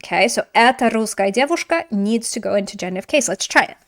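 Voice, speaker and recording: A woman teaching a grammar lesson in a lively, chatty way, with playful asides and frequent teacherly check-ins. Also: mid-range voice, fast. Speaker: Russian language teacher.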